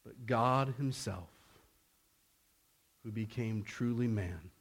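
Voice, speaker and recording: A man preaching a sermon, slow and deliberate, his voice rising in pitch and force when he presses a point. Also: slightly rough.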